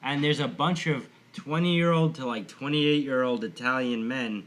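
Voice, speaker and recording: A man's voice: medium pitch, moderate pace, a bit bright, a little hiss or hum, low-quality recording. Blunt, sarcastic young man. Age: young adult. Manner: blunt, sarcastic, swears freely. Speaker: podcast co-host. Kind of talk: casual chat.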